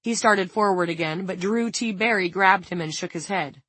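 A woman reading an audiobook in a measured, dramatic narration. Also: mid-range voice, fairly bright tone, breathy edge, no room sound.

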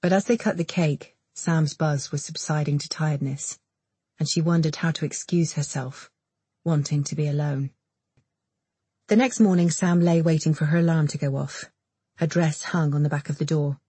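A woman narrating an audiobook in a measured, intimate read. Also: deep voice, warm tone, slightly rough, dry recording. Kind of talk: scripted narration.

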